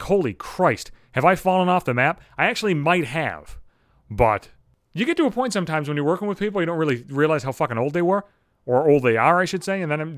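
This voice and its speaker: A man's voice: fairly high pitch, no room sound, studio quality. A man in his thirties telling a comic story as a profane monologue, swearing constantly and working himself up into rants. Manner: swears constantly, gets worked up and ranting.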